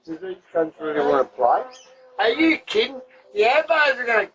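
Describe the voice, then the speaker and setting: Australian man, very high voice, aggressive, swearing, far from the mic, people nearby. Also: sing-song, a little fast, muffled recording. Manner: aggressive, swearing, shouting threats. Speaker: homeowner arguing at his front door. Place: outdoors at the front of a house. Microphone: doorbell camera. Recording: distant doorbell camera audio with people nearby.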